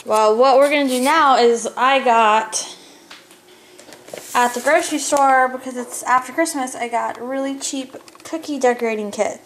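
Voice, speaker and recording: A woman's voice: sits high, moderate pace, slight background noise. A tired young woman and mother, chatting casually at home for a family vlog and talking sing-song to her toddler. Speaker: mother vlogging family life.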